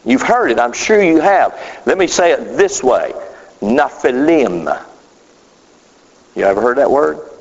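A man's voice: very animated, creaky. A man preaching a sermon, emphatic and drawn out, with sudden rises and falls in his voice. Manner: emphatic, drawn-out phrasing with sudden pitch swings. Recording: dull sound with long hall reverb.

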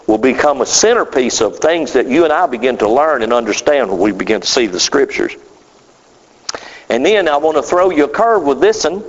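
A man preaching a sermon, emphatic and drawn out, with sudden rises and falls in his voice. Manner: emphatic, drawn-out phrasing with sudden pitch swings. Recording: dull sound with long hall reverb.

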